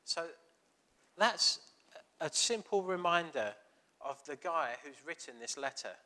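A man's voice: fairly high pitch, animated, slow pace, bright, forceful tone. A man preaching a chatty, storytelling sermon, acting out quoted dialogue.

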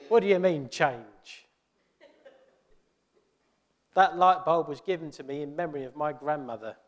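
A preacher playing a huffy, possessive old churchgoer. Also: male voice, on the high side, a little slow, long reverb tail, close to an everyday voice. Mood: indignant. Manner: huffy, defensive, rising to scolding. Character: indignant longtime church member, possessive.

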